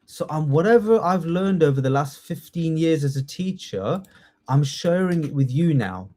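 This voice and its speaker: Guy running a live test prep class, kinda high voice, friendly and chatty, lots of "yeah?". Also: expressive, normal speed, darkish tone. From United Kingdom. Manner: encouraging, chatty, frequent "yeah?" check-ins. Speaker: citizenship test teacher. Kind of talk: live online class, quizzing students.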